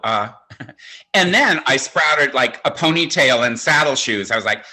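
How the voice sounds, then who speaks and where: Expressive and medium-pitched, this man speaks at a normal speed with a bright, forceful tone. In his sixties, he's at home delivering a virtual stand-up set, chatty, campy and quick to mock himself.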